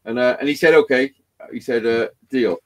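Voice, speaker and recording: A man on a livestream, telling rough stories in casual chat, swearing constantly and acting out the dialogue. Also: mid-range voice, normal speed. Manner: swears constantly, acts out quoted dialogue animatedly. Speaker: livestream co-host.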